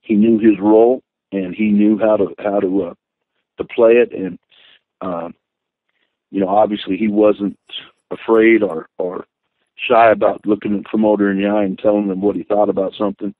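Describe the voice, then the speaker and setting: A man's voice: fairly low pitch, moderate pace, dry recording. Older man telling wrestling stories by phone. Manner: rambling, animated anecdotes with many restarts. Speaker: guest, former wrestler. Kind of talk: storytelling interview. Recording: tinny phone line.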